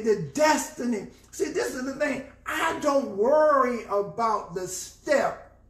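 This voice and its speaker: A man's voice: high voice, reverberant, recorded from a distance. A man with a Southern US accent, a pastor teaching a Bible study and preaching, repeating phrases for emphasis. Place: church.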